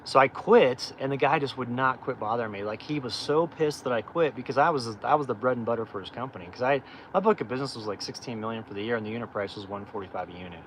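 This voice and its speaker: A man's voice: medium pitch, quick pace, few pauses, slight background noise, poor audio. A middle-aged man hosting a livestream, telling his life story in a candid, rambling way with lots of fillers and restarts. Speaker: off-grid channel host.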